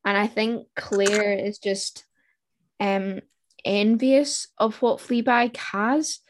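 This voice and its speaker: A woman's voice: mid-range voice, fairly even intonation, slow. A woman co-hosting a podcast, talking through a TV show in casual chat with thoughtful restarts. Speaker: podcast co-host.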